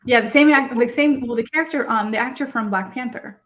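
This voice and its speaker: A young woman hosting a casual podcast chat, excitable and chatty, often breaking into laughter. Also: fairly high pitch, fairly quick. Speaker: podcast host.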